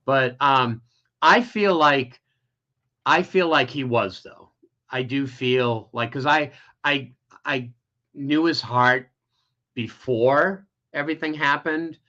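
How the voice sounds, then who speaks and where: Bright-voiced man rambling on muffled audio. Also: mid-range voice, slow pace. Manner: emotional, rambling, with many restarts. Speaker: interview guest. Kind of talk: personal storytelling in conversation. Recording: dull lo-fi audio.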